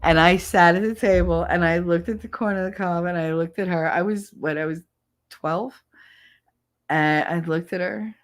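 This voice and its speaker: A woman's voice: fairly low pitch, fairly even intonation, moderate pace. A woman hosting a podcast, telling stories in a blunt, profane, casual way and laughing often. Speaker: podcast host. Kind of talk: casual solo chat.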